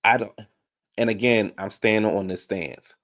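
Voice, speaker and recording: A man's voice: lowish voice, fairly even intonation, normal speed, a bit bright. A man giving casual live-stream commentary on reality TV, chatty and opinionated, talking straight to his viewers.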